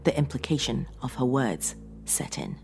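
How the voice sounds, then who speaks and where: A woman narrating a horror audiobook in an expressive, dramatic way. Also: a bass voice, moderate pace, gravelly, a little hiss or hum.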